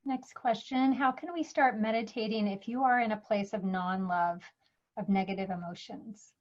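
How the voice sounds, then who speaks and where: A woman's voice: medium pitch, steady tone, normal speed. Woman reading questions, dull sound.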